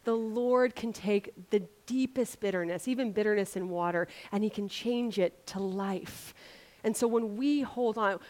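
A woman preaching a sermon in a chatty, animated way, acting out people's complaints. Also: medium pitch, measured pace. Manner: chatty and animated, acts out grumbling voices.

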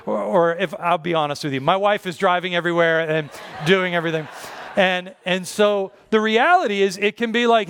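A man's voice: sits high, a little fast, fairly bright tone, clear, resonant tone. A man in his forties, a pastor preaching a sermon in a conversational way with frequent fillers and repetitions.

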